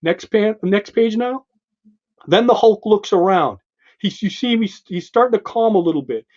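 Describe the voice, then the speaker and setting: An excited man with a high voice reviews a comic book for a podcast, walking through the panels and acting out the dialogue. His delivery is casual and eager, and the recording sounds dull and lo-fi. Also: moderate pace. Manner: enthusiastic, retelling panels with voiced quotes. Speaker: podcast co-host.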